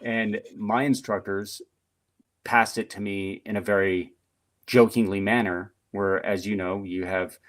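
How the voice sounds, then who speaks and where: A middle-aged man with a fairly low voice tells stories from his service years as a podcast guest. His delivery is chatty and animated, loose with fillers. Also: measured pace. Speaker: podcast guest, retired Marine. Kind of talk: casual storytelling interview.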